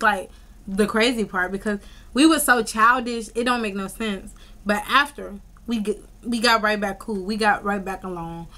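Brief: young woman vlogger, bright and slightly high voice, slangy animated storytelling. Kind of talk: casual storytime vlog.

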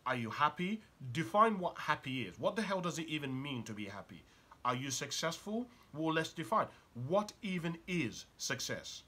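Male life coach, husky and bright, emphatic motivational talk full of questions. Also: on the high side, sing-song, normal speed. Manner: rhetorical questions, emphatic storytelling. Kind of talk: motivational monologue.

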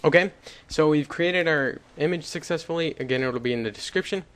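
A man's voice: on the high side, fairly quick, fairly bright tone, a little hiss or hum. Chatty young man rambling through a tutorial. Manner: rambling, self-correcting, chatty with little laughs. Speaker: tutorial host. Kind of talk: casual screen-recorded coding tutorial.

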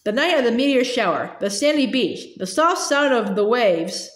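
A woman reading a novel aloud as narrator, steady with small slips and restarts. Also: fairly high pitch, moderate pace, few pauses, echoey room. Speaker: audiobook reader.

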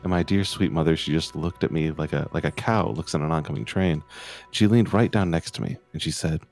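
A man's voice: extremely low pitch, fairly quick, gravelly, darkish tone, faint music behind. A man chatting casually while playing a game, swearing and laughing, at times reading a long rambling story aloud. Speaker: podcast host playing Tetris. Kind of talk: casual chat while gaming.

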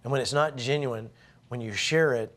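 A man's voice: mid-range voice, moderate pace, a bit bright. A middle-aged man preaching to a congregation as a show host, in a folksy, conversational way with emphatic bursts.

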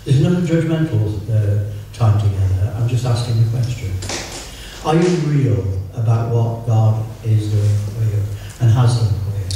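An older man from England giving an informal, joking sermon, slowing down whenever he quotes scripture. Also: fairly low pitch, background noise. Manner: chatty, self-mocking, slows right down for scripture. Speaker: preacher. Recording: echoey room, voice from far off.

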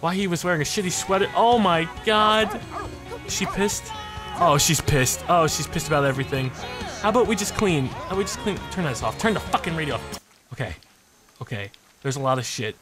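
A man hosting a let's play video, excitable and joking, swearing freely and jumping between muttering and yelping. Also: a little high, a little fast. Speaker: gaming channel host. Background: game music.

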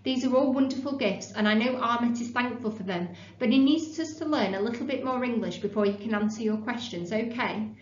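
A woman's voice: fairly high pitch, brisk, few pauses, reverberant, highs cut off, natural voice. A woman reading aloud and voicing a kind but firm female schoolteacher talking to children in a storybook. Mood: gentle.

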